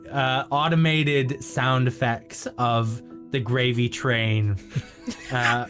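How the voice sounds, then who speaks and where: A British man narrating as game master of a tabletop game, halting and full of fillers and laughs. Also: medium pitch, fairly bright tone.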